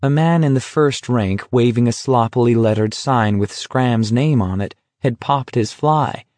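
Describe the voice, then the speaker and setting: Brief: male audiobook narrator, unhurried, dry close sound. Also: medium pitch, darkish tone, no echo. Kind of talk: scripted narration.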